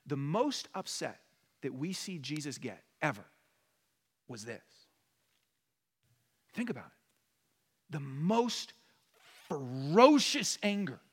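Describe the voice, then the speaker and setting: A male pastor preaching a sermon with animated delivery, acting out the voices in his stories. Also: on the high side. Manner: animated, acts out quoted voices in a story. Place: church sanctuary. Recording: long church hall reverb.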